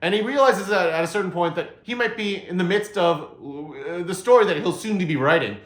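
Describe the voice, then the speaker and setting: Male vlog host, casual unscripted review, fillers and restarts, slightly high voice, roomy sound. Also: brisk. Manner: meandering, many "uh" fillers and restarts. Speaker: movie reviewer, channel host. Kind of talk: casual spoken movie review. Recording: roomy echo.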